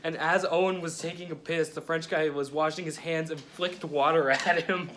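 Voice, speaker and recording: A man's voice: a little high, fairly even intonation, normal speed, fairly bright tone, slight background noise. A young man narrating a casual travel vlog from a hotel room, telling rambling, jokey stories. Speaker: vlogger.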